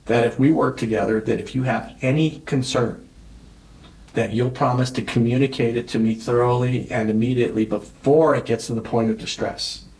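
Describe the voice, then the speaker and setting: Gravelly-voiced man telling sales stories. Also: medium pitch, normal speed. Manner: animated, acts out conversations. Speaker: real estate expert, podcast guest. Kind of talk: storytelling interview talk. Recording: roomy echo.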